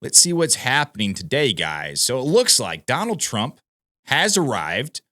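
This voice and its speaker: A man's voice: mid-range voice, huge pitch swings, a little slow, pushed and bright. A man hosting political news commentary in a casual, emphatic way, calling his viewers "guys".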